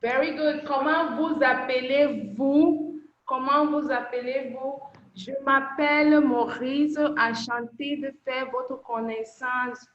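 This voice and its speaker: A woman teaching a language class over a video call, patient and slowing down to model phrases. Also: high voice, steady tone, fairly bright tone. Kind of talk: online class instruction. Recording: echoey, dull lo-fi call audio.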